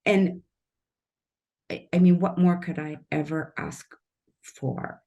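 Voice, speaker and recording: A middle-aged woman from Kansas City speaks as a guest on a podcast over a video call. Her voice sits a little low, and she talks with heartfelt emotion and earnest warmth. She rambles and restarts her sentences as she chats. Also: steady tone, takes it slowly. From Kansas City, Missouri. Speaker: podcast guest, tree artist and storyteller. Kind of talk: casual podcast interview.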